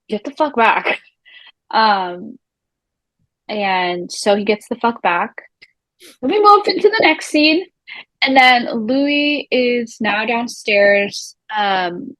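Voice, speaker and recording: A young woman co-hosting a casual TV recap, animated and swearing casually as she retells the drama. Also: on the high side, takes it slowly, no echo, rough recording. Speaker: recap show co-host.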